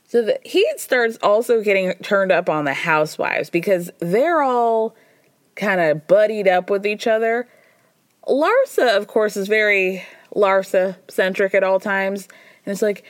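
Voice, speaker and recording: A woman hosting a podcast who recaps reality TV in a chatty, gossipy way, with wry asides and frequent laughter. Her voice sits at a middle pitch. It is recorded close on the mic and sounds dry, with no room echo. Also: expressive, moderate pace. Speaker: podcast host. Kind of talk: casual reality-TV recap chat.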